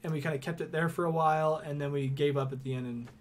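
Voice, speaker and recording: Young male podcast co-host, rambly and giggly, slightly high voice, faint noise. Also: fairly even intonation, quick pace. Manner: rambling, laughs often. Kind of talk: casual sports chat.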